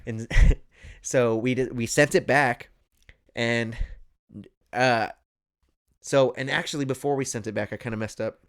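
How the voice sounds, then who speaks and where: Laughing, animated young male podcast host. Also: mid-range voice, measured pace, smooth. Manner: animated storytelling, laughs often. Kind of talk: casual chat.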